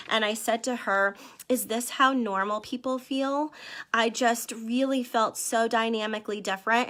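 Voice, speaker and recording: A woman vlogger giving an earnest live-stream sales pitch, talking straight to her viewers and reading out their comments. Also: sharp tone. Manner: earnest, addresses viewers as "you guys", reads out comments. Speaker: wellness vlogger selling supplements.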